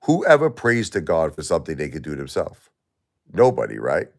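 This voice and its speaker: A middle-aged man live-streaming while grieving, talking to his chat in halting, repetitive, emotional bursts. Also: extremely low pitch, huge pitch swings, creaky.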